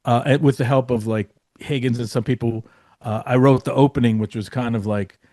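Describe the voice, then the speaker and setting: Male guest storyteller, mid-pitched, loose and rambling, curses freely, dry close mic. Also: steady tone, brisk, darkish tone, no room sound. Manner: rambling, profane, lots of fillers. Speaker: podcast guest, former comedy writer. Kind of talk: casual storytelling.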